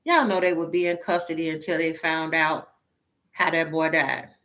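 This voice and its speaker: A woman's voice: low voice, level tone, normal speed, a bit bright. A woman talking casually to her viewers as a tarot reader, sounding weary, exasperated and emotionally drained, blunt and swearing now and then.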